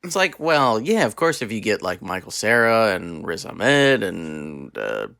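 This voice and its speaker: A man co-hosting a podcast, chatting casually about a film with wry, deadpan humor and plenty of fillers. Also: fairly low pitch, a little slow, gravelly, no room sound, clean studio sound. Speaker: podcast co-host. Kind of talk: casual film review chat.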